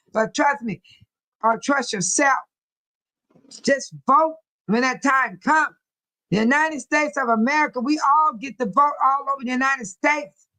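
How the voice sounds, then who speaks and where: A woman's voice: high-pitched, sharp tone, no room sound, low-quality recording. An older woman hosting a casual livestream, chatting with her commenters and laughing often. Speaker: livestream host reading chat.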